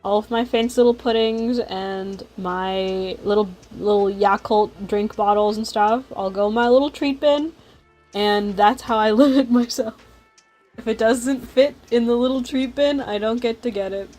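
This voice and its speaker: A woman's voice: a little high, steady tone, normal speed, a little mellow, faint music behind, low-quality recording. Chatty woman streaming a story game. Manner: chatty, rambling, giggly. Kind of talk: casual game commentary and reading aloud.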